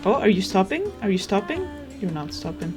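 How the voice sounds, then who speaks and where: A young woman chatting casually as she plays a video game, rambling and thinking out loud. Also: mid-range voice, sing-song, brisk. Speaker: gaming streamer. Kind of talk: casual let's play commentary. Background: game music.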